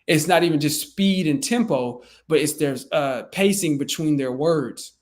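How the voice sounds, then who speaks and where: A man's voice: fairly high pitch, moderate pace, darkish tone. A man coaching real estate sales in a loose, conversational way with frequent fillers and restarts. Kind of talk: casual teaching talk.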